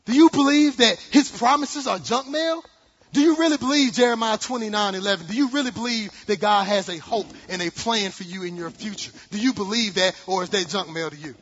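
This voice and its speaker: A man preaching a sermon with animated delivery, acting out quotes and jokes. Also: high-pitched, a little fast, slightly rough. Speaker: pastor. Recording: dull sound in a large reverberant hall.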